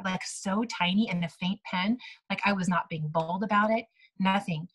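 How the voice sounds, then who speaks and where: Breathy woman in her 30s giving a pep talk to her team, super chatty, keeps saying like and right. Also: medium pitch, steady tone, normal speed, low-quality recording. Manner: chatty, lots of "like" and "right?", acts out quoted dialogue. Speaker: team leader speaking to her sales team.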